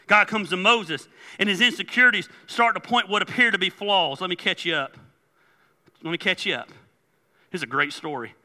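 A male pastor preaching an animated sermon, joking and acting out dialogue with big jumps between loud and quiet. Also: fairly high pitch, fairly quick, long reverb tail. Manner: animated, jokey, acts out dialogue in big swings of loudness.

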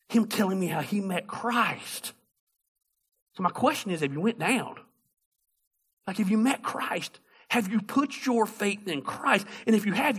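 A man preaching a sermon as a pastor, telling a story in an animated, humorous way. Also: sits high, slightly rough.

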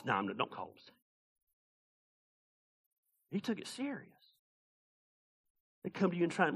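Pastor, male, bright raised voice, lively sermon with shouted bursts. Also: on the high side, measured pace, gravelly, pauses often, husky. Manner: animated, shouting bursts and jokes.

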